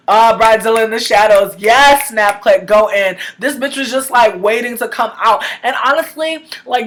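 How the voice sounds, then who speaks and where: A woman giving casual, profane commentary on a reality show over a webcam livestream. She swings between loud outbursts and low mutters. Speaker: reality TV reviewer.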